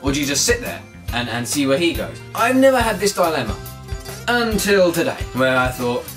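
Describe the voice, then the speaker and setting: Young adult vlogger with a very animated, sweary rant. Voice jumps high and low, with faint music behind. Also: moderate pace. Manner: animated, sweary ranting with big swings up to near-shouting. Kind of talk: casual ranting vlog.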